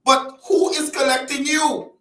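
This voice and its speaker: An extremely high-pitched man speaks unhurriedly, the sound reverberant. He hosts a casual commentary show set up like a call-in, greeting viewers by name and chatting with a lively, up-and-down delivery.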